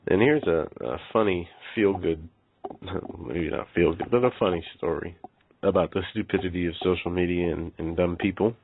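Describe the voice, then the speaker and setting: A low-voiced man co-hosting talk radio who reads out a news item with halting starts. The sound is dry and tinny, like a phone line. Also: slight background noise. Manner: halting, with fillers. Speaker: co-host.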